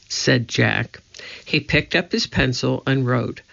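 Storybook reader: man, slow and gravelly, dull lo-fi recording. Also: mid-range voice, a bit bright. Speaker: narrator. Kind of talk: reading a children's book aloud.

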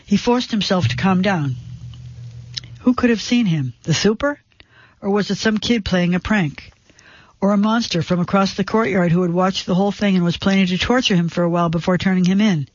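Man narrating a suspense story, high voice. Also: fairly quick, no room sound, highs cut off.

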